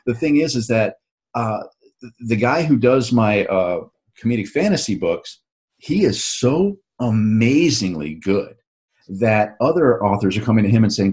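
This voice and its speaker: Low-voiced man explaining at length. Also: expressive, a little slow, darkish tone. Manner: explains at length with frequent restarts. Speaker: author and podcast host. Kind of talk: casual interview chat.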